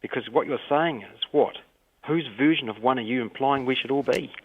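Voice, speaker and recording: A New Zealand man with a New Zealand accent speaks with open passion and emotion. His voice sits at an ordinary middle pitch. It reaches the listener squeezed through a narrow, tinny telephone line. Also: a little fast, husky. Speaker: mayor. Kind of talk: radio interview over the phone.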